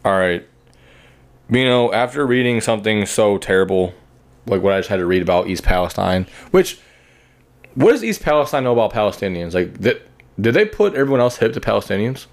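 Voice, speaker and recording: A man's voice: lowish voice, expressive, fairly quick. A man hosting a podcast, chatting crudely, swearing and laughing often. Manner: laughs often, swears, trails off mid-sentence. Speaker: podcast host. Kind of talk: crude casual chat.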